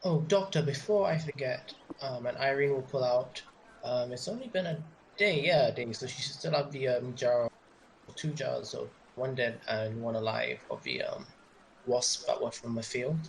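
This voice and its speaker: A man playing a character in a tabletop game, halting and losing his thread before rushing ahead. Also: mid-range voice, expressive, gravelly, a little hiss or hum, low-quality recording. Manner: halting, loses his train of thought, then rushes. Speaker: player.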